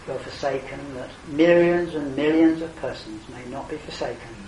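A man's voice: fairly high pitch, normal speed, crowd noise. Older man preaching earnestly, far off. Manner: earnest, rising to emphatic exclamations then dropping soft. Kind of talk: evangelistic sermon. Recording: roomy hall, distant mic, faint ambience.

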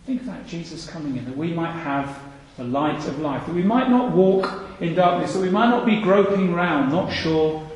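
A man's voice: on the high side, expressive, normal speed, few pauses. A man preaching a sermon, earnest and full of rhetorical questions, repeating his phrases for emphasis. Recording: echoey hall reverb.

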